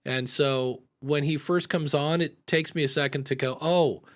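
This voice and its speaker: A man's voice: on the high side, steady tone, normal speed. An American man hosting a podcast, talking casually and rambling with lots of fillers. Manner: rambling, chatty, many fillers. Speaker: podcast host.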